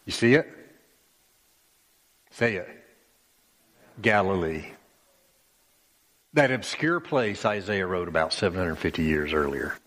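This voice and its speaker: A man preaches with slow, deliberate emphasis, his voice sitting on the low side. He tells the scripture story dramatically, leaning into key words. A long reverb rings around him in a church sanctuary. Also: lively intonation, a bit bright. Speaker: pastor. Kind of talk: sermon.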